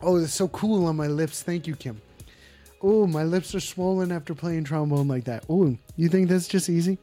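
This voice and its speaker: Brash, high-voiced blustering man. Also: moderate pace, warm tone, soft background music. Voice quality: brash, blustering and profane, often repeats himself. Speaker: host of a call-in show. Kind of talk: comedic call-in livestream in character. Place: indoors at home.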